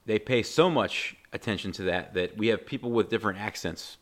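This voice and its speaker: A man with a very deep voice co-hosts a relaxed film podcast. He lays out his points in a measured, explanatory way. He drops in dry, deadpan jokes. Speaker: podcast co-host. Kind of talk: casual movie discussion.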